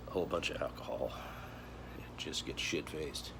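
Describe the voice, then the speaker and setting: A grieving man with a voice of extreme depth and a gravelly rasp speaks slowly and haltingly, starting over again and again. He sounds choked up. Steady background noise sits under his voice. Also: extremely low pitch. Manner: heavy, halting, with many pauses and restarts. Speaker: vlogger. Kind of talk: grieving personal vlog.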